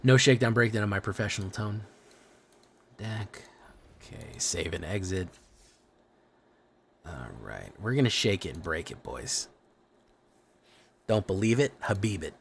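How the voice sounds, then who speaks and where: A young man streaming a card game live, joking around and chatting excitedly with his viewers. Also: deep voice, unhurried, vocal fry, pauses often, slight background noise. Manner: excitable, joking, talks to chat. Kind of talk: casual live-stream commentary while playing a card game.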